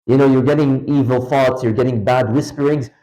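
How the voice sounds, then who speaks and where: A man teaching a religious lecture to a class in a mosque, talking to listeners directly and telling lively examples with big swings in his voice. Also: brisk, poor audio. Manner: animated, emphatic storytelling with wide pitch swings; conversational, addresses listeners directly. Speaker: Islamic lecturer. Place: mosque lecture hall, indoors.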